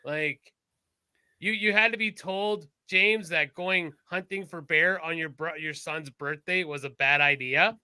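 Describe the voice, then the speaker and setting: A man's voice: fairly high pitch, measured pace, sharp tone, clear, resonant tone, no room sound. A Canadian man co-hosting a podcast in loose, profane, joking banter. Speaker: podcast co-host. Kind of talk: casual chat.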